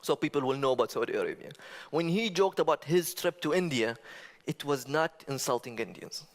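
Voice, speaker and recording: Lively man speaking in a reverberant hall. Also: fairly high pitch, fairly quick. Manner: conversational, rhetorical questions, animated asides. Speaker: speaker giving a talk. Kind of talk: stage talk with stand-up humor. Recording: long reverb of a large hall.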